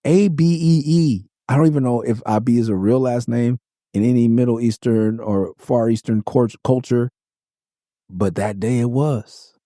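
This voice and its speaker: A man's voice: mid-range voice, fairly even intonation, normal speed, warm tone, dry recording, studio quality. A middle-aged man hosting a podcast, telling stories in a loose, profane, casual way and acting out quotes. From Los Angeles. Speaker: podcast host. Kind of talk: casual storytelling monologue.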